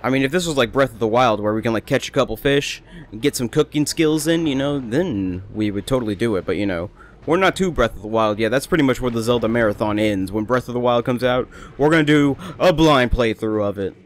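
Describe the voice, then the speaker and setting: A man's voice: medium pitch, animated, fairly quick. Rambling young man commentating a game. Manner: rambling, chatty, self-amused. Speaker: let's play host. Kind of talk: casual gameplay commentary.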